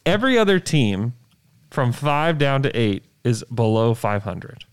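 A man's voice: mid-range voice, big pitch swings, a little slow, clean tone, dry recording, clean studio sound. A man co-hosting a casual sports podcast, rattling off standings and numbers with emphasis. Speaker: podcast co-host.

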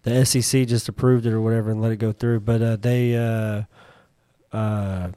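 A man co-hosting a podcast, making quick, offhand comments and dry asides in casual chat. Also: lowish voice, level tone, dark tone, smooth, no room sound. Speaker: podcast co-host.

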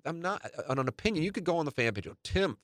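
A man's voice: fairly high pitch, big pitch swings, racing, fairly bright tone, no echo, clean studio sound. A man hosting a radio podcast, talking in a casual, rambling monologue. He is blunt, swears now and then, and often restarts his sentences. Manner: rambling, with frequent restarts and stammers.

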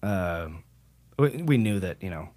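On a podcast, a metal singer speaks in a low-pitched, darkish voice, unhurried yet lively in intonation. He rambles conversationally, swears without restraint, and acts out quoted remarks. The recording is dry.

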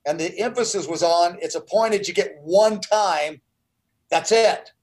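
A man's voice: high voice, measured pace, low-quality recording. A man in his sixties telling a personal story as an interview guest, earnest and full of restarts. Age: 60s.

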